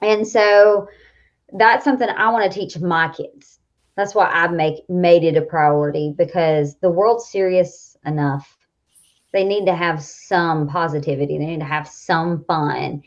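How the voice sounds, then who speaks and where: A Southern woman in her thirties talks in a lively, rambling way, laughing as she goes. Her voice sits low, and the recording sounds dull and lo-fi. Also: unhurried. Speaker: coach, co-host. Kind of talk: casual chat. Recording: dull lo-fi audio.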